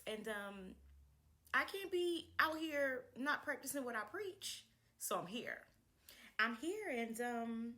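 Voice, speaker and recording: A young woman chatting casually to camera to introduce her channel, animated and laughing often as she repeats herself. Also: fairly high pitch, slow.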